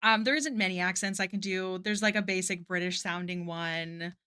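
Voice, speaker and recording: Bright-voiced chatty woman streamer. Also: lowish voice, fairly even intonation, moderate pace, clean tone. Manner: chatty, answers chat, many "like" fillers. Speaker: art streamer. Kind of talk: casual live-stream chat while drawing.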